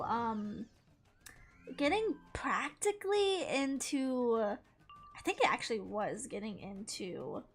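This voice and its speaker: A young woman chatting casually while playing a game, rambling and often breaking into loud squeals and laughter. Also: on the high side. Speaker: gaming streamer. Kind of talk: casual gameplay commentary. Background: game music.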